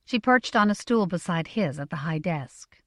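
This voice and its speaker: A woman narrating a novel in a measured, expressive reading. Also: on the low side, dry recording, studio quality. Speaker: audiobook narrator.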